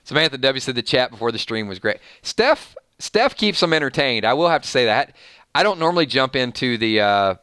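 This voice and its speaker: A Georgia man with a Southern American accent hosts a casual live stream, chatty and rambling with restarts as he reads out viewer names in a friendly way. His medium-pitched voice is expressive, a little fast, sharp and clean, in a dry, studio-quality recording.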